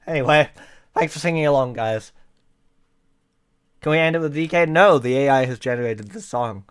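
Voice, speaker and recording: A man's voice: a little high, moderate pace, long pauses, smooth, no echo. A man streaming live, chatting playfully with his viewers and often breaking into laughter. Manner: playful, giggly, addresses chat. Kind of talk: casual live-stream chat.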